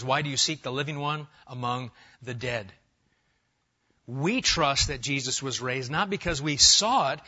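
A middle-aged man preaching an expository sermon, lively and conversational, asking the congregation questions. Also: a little high, muffled recording. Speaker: pastor.

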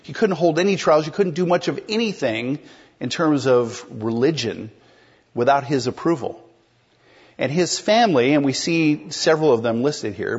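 A man's voice: mid-range voice, darkish tone, slightly rough, dull audio. A man preaching an expository sermon in a conversational way, explaining a text and putting questions to the congregation. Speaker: pastor.

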